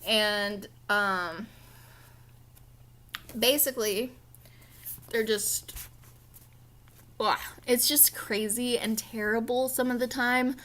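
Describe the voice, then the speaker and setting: Bright-voiced young woman gushing about books. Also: a little high, slow pace, long pauses. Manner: gushing, animated, lots of fillers, playful self-mockery. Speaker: book vlogger. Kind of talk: casual book review chat.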